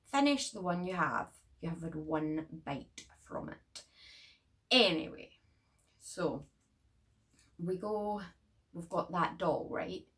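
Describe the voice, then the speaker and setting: A woman's voice: lowish voice, expressive, takes it slowly, long pauses, a bit bright. A young woman reviewing a horror movie in her bedroom, rambling and chatty with lots of filler.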